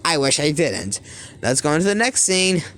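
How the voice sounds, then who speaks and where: A man's voice: fairly high pitch, sing-song, normal speed, fairly bright tone, a little hiss or hum. A man giving casual, rambling commentary on a cartoon, correcting himself often and laughing as he goes. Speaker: video commentator.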